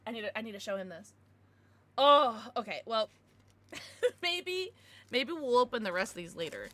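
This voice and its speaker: A young woman streaming live, chatting casually as she opens trading cards, excitable and giggly with bursts of squealing. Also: sits high. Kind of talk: casual livestream chat while opening cards.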